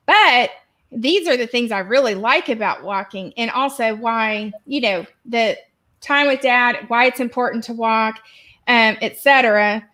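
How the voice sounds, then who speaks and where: A woman with a somewhat high voice explaining children's behavior as a podcast guest. She talks casually and often restarts her sentences as she goes. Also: unhurried, sharp tone. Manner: explanatory, with self-corrections. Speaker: guest expert.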